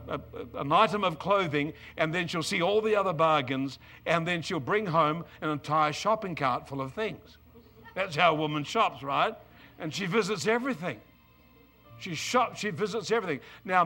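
Middle-aged preacher guy, high bright voice, jokey storytelling sermon, soft music behind. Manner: humorous, storytelling, animated asides.

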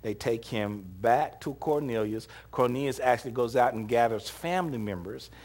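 A man's voice: medium pitch, moderate pace. A man preaching a sermon, retelling scripture in a casual, humorous way and laughing often, with short acted-out quotes. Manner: animated, acts out short quoted lines.

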